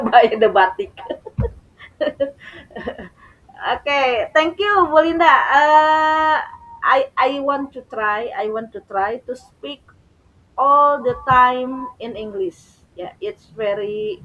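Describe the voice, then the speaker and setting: Sundanese accent lady on a video call, slowish and highish, laughs a lot, lots of uhs. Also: a bit bright, lo-fi sound. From West Java, Indonesia. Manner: laughs often, hesitant with fillers. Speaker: presenter. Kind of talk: online meeting talk.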